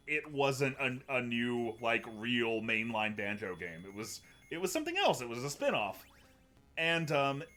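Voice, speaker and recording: A man's voice: mid-range voice, pushed and bright. A man hosting a casual livestream, talking in a rambling way with many restarts and fillers. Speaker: host.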